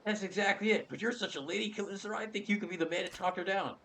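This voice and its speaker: A man voicing a male telephone club clerk who flatters and pleads eagerly. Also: high-pitched, fast talker, creaky, a little hiss or hum, voice pushed up, heavily acted.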